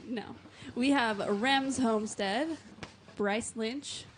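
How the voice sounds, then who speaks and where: A woman's voice: fairly high pitch, takes it slowly, slight background noise. A woman co-hosting a live stream from behind the switcher, reading out viewers in a brief, matter-of-fact way. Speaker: co-host and switcher operator. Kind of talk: casual live stream chat.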